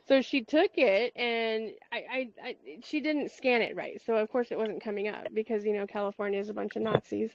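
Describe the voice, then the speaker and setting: Brief: higher-voiced woman, blunt laughing talker, heard through dry, dull call audio. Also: fairly even intonation, normal speed, no echo. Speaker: call participant. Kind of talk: casual chat.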